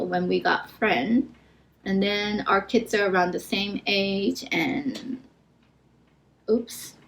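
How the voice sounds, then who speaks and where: Slow, soft-spoken woman with vocal fry. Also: mid-range voice. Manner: soft, rambling talk with many fillers. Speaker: plant vlogger and mother. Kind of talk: casual chat while repotting plants.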